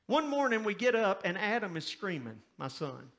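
A man's voice: high voice, big pitch swings, normal speed, gravelly, a bit bright. A middle-aged man, a pastor preaching a folksy, emphatic sermon story with joking asides to the congregation.

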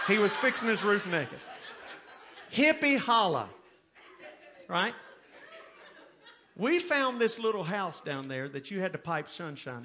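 A man's voice: on the high side, sharp tone. A middle-aged man, a pastor preaching a folksy, emphatic sermon story with joking asides to the congregation.

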